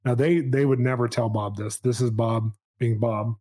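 A man in his forties, a podcast host, telling a personal story in a casual, animated way, with quick asides and a self-amused tone. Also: medium pitch.

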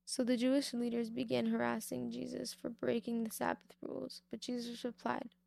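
Woman, young adult, devotional Bible talk, somewhat high voice, dry sound, informal and repetitive for emphasis. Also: completely flat delivery, moderate pace, vocal fry, a little mellow, dry recording. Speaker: faith speaker.

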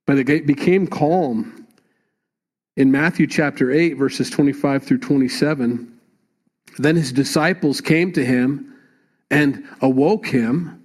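Pastor, man, mid-pitched, chatty sermon delivery with emphatic swells. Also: measured pace. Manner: conversational preaching, rising emphatic at times.

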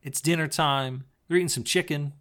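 A man co-hosting a podcast, casually retelling a TV episode scene by scene, slipping into quick quoted lines and laughing often. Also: a little high, fairly bright tone. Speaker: podcast co-host. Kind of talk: casual chat recapping a TV episode.

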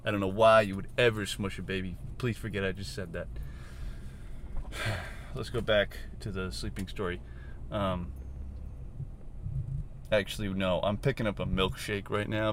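A man's voice: on the low side, steady tone, moderate pace. A young man rambling casually and jokingly while he drives, with loose, profane storytelling. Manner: loose, joking, profane, acts out his own reactions. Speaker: vlogger. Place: inside a car. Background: faint car and road noise.

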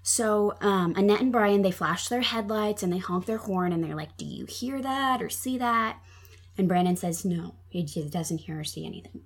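A woman from Minnesota walks through a true crime case in a relaxed, chatty way, full of ums and likes. Her voice has a husky edge. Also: lowish voice, moderate pace, few pauses. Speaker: podcast guest telling a true crime case. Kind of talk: casual storytelling chat.

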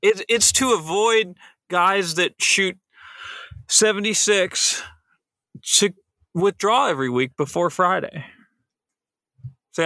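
A man's voice: high voice, slow, long pauses, sharp tone, no echo. A man from Alabama co-hosting a casual sports podcast, with dry, teasing remarks. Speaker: podcast co-host.

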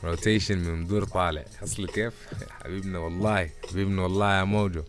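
A man's voice: low-pitched, steady tone, racing, soft background music. A young man hosting a casual livestream chat, slangy and loose, switching languages mid-sentence. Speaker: host.

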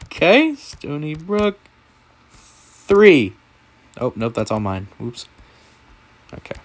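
A man hosting a casual sports picks podcast with friends, running the games in a playful, animated way. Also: a little high, a little slow, long pauses. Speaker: podcast host.

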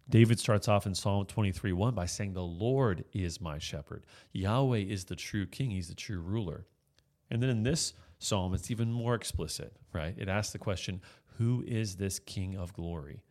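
A man's voice: sits low, a little mellow. A man giving an earnest, explanatory Bible teaching, often restarting his phrases as he works through a passage. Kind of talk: sermon-style Bible teaching.

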